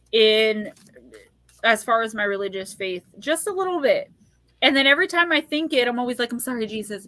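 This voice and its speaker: Bright chatty woman hosting a livestream. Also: fairly high pitch. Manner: chatty, laughs often, talks straight to viewers. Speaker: psychic livestream host. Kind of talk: casual live chat.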